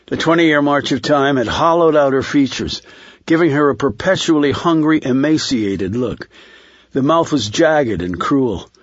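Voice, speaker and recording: A man narrating a thriller audiobook in a measured, steady reading. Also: mid-range voice, no echo.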